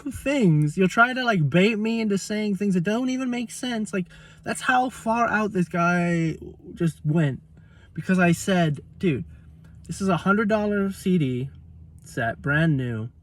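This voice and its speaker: Exasperated high-voiced man ranting. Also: far from the mic. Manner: heated, exasperated, swears, quotes people mockingly. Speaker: vlogger. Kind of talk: casual ranting story.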